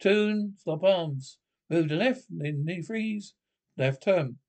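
A stern middle-aged army drill sergeant, barking out parade-ground commands in a 1950s British film comedy. His voice sits a touch high for a man, clipped and loud across the square. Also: expressive, slow. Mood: commanding.

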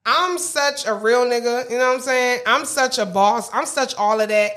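A woman's voice: a little high, normal speed, a bit bright. A young woman, co-hosting a podcast in casual, brash, swaggering chat. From New York. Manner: brash, swaggering, trash-talking with laughs. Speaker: podcast co-host.

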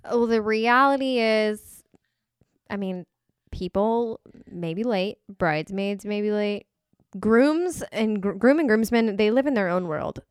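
Chatty woman with a smooth voice. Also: mid-range voice, unhurried, dry recording, clean studio sound. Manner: chatty, fillers of "like", emphatic. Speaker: podcast co-host, wedding vendor. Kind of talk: casual chat.

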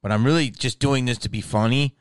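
A man hosting a comedy podcast, delivering a profane, animated solo monologue and slipping into impressions. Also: mid-range voice, a little fast, clean tone, no room sound. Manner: slips in impressions.

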